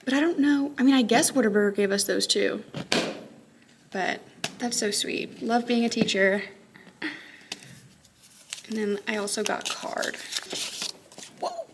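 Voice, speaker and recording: A young woman, a high school teacher, chatting casually to her phone camera in a vlog, upbeat and full of "like" and "um". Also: a little hiss or hum. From Texas. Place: her car and classroom.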